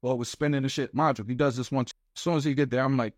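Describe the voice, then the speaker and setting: A young man from New York, a rapper guest telling stories in a casual interview, animated and slangy, acting out the voices of people he quotes. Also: medium pitch, fast talker, no room sound, studio quality. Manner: animated, slangy, acts out quoted voices, repeats "you get what I'm saying". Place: small podcast studio. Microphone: studio microphone.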